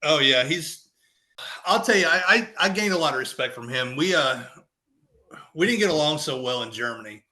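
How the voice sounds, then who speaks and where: A man's voice: on the high side, lively intonation, moderate pace, bright, forceful tone. A man hosting a podcast and trading army stories in casual chat, eager and laughing along. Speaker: podcast host, former army dog handler.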